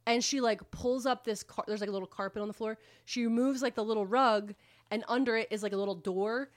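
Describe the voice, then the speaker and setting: A woman casually recapping a book plot on a podcast, rambling and animated, with swearing. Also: fairly high pitch, brisk, no room sound, studio quality. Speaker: podcast co-host retelling a book. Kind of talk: casual chat.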